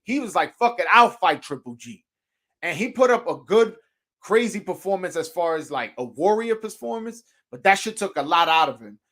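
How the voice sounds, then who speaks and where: A high-pitched man hosts a boxing talk show, his voice bright and forceful. He talks loosely and animatedly, swearing freely and laughing between points, with plenty of false starts and repeats. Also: moderate pace. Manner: animated, loose and profane, laughing often, many restarts. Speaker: podcast host.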